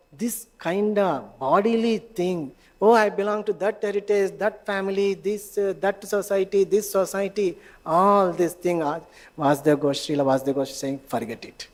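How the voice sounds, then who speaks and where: High-voiced man giving a hall lecture. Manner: animated, chuckling often, quoting devotional songs. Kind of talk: scripture lecture. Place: temple hall. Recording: long reverb of a hall.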